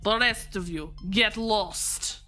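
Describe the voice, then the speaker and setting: Old gangster grandfather with a put-on Russian accent, clipped and unhurried, as a woman puts him on. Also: mid-range voice, pushed and bright, soft background music, pitched below the performer's own voice. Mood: cold. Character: old male mob boss grandfather, cold and menacing.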